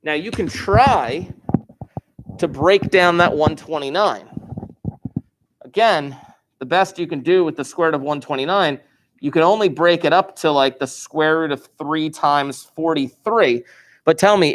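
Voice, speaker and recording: Animated man teaching a math lesson. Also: fairly high pitch, moderate pace. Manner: animated, playful, talks students through each step. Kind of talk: recorded classroom lesson.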